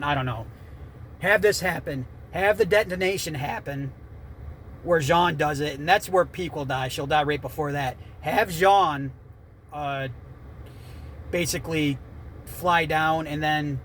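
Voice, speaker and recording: A man giving an off-the-cuff, rambling rant about an anime ending, swinging between loud outbursts and quieter muttering. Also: fairly high pitch, slight background noise. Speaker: anime commentator.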